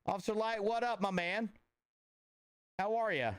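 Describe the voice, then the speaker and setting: A laid-back man chats with his livestream viewers in a smooth, resonant voice. The sound is dry and close, with no room echo. He meanders through thoughts with plenty of filler words and restarts. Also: sits high, normal speed. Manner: laid-back and friendly, greeting viewers by name. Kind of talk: casual livestream chat with viewers.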